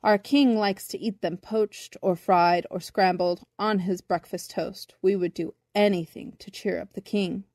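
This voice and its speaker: A woman's voice: medium pitch, fairly even intonation, a little slow, hardly any pauses, a little mellow, no echo, clean studio sound, close to an everyday voice. A woman voicing a seven-hundred-year-old male brownie sea captain who talks down to others in a storybook reading. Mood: boastful. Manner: lofty, scolding. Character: ancient know-it-all male brownie captain.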